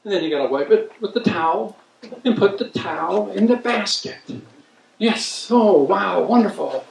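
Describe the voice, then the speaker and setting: Casting: a man doing high-voiced Mid-comic, rambling self-mocking stand-up, roomy room. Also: lively intonation, moderate pace, vocal fry, crowd noise. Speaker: stand-up comedian. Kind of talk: stand-up comedy set. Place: community event room. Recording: roomy hall, mic heard from a distance.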